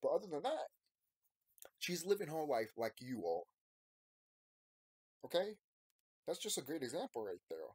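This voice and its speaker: Husky guy in his thirties, talks straight at the camera, pitch jumps all over, repeats his points, dead dry room. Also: big pitch swings, normal speed, long pauses, darkish tone, no echo. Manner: emphatic, rambling, repeats himself. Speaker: YouTuber. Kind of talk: casual unscripted monologue to subscribers.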